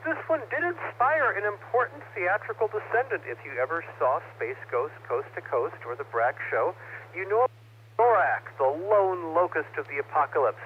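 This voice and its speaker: A man's voice: fairly high pitch, slight background noise. A man giving wry, dry-humored commentary on a ham radio net. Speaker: net participant. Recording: dull ham radio transmission.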